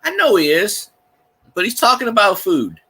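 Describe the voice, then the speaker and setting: Lively rambling Cajun man. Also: sits high, moderate pace, husky, rough recording. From Louisiana. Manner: rambling storyteller with lots of restarts and colorful swearing. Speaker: livestream host. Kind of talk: casual livestream chat.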